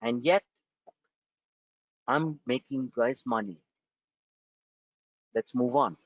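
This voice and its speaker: A man's voice: medium pitch, slow pace, no echo, lo-fi sound. A man hosting a stock trading webinar, talking bluntly and emphatically, swearing and repeating himself for effect. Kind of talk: live trading webinar rant.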